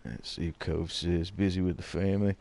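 A man's voice: deep voice, fairly even intonation, fairly quick, vocal fry, a little mellow. A man streaming a game and chatting casually with his viewers, bantering with them by name. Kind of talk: casual live gameplay commentary.

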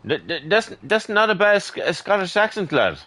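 A man's voice: high voice, big pitch swings, moderate pace, pushed and bright, no room sound. Boisterous, swearing Irish man. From Ireland. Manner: boisterous, swears freely, joking banter. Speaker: gaming streamer. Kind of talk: casual voice chat while gaming.

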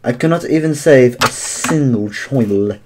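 A man voicing a gentle, motherly female goat monster who speaks softly and sadly. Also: medium pitch, measured pace, background noise, close to an everyday voice. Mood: tender pleading. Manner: soft, sorrowful, pleading.

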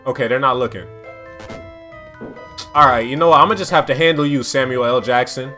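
A young man giving loud, slangy, exasperated commentary while playing a school simulator game. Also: medium pitch, a little fast, soft background music. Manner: slangy, repeats phrases. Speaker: gaming YouTuber. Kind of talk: casual let's-play commentary.

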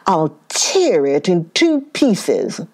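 A woman's voice: on the low side, wildly swooping pitch, very slow, darkish tone, exaggerated voice. A woman voicing a weak but fierce male lion who growls and blusters in a storybook tale. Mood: growling.

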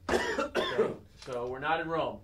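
Brief: frazzled, cajoling director, heard from afar in an echoey, noisy room. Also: male voice, on the high side, huge pitch swings, unhurried, recorded from a distance. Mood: coaxing. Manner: cajoling, flustered, calls action and cut. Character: harried, coaxing film director. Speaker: film director.

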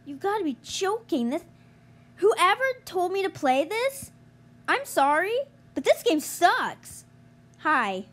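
Young woman gamer groaning thru a game she hates, high voice that jumps all over. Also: sing-song, takes it slowly. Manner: exasperated, groaning, yelling at other players. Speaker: gamer streamer. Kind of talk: frustrated gameplay commentary.

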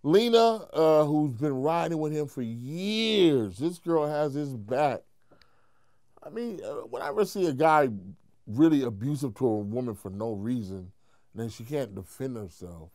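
A man, a comedian, telling an animated, profane story in an interview, mimicking the people he quotes. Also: measured pace, dry recording, clean studio sound. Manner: profane, acts out quotes in high voices, laughs while telling.

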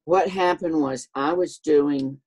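An older man with a Southern US accent and a high voice often taken for a woman's, telling stories in a lively way and acting out the voices. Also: slow, husky. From American South. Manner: animated, acts out voices in his stories. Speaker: guest. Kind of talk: casual anecdotal storytelling.

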